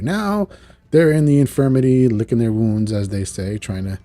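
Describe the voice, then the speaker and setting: Speaking at a moderate pace in a medium-pitched voice, with no echo, a show reviewer recaps a cartoon episode. The talk is casual and rambling, and he chuckles at asides while animatedly acting out what the characters say.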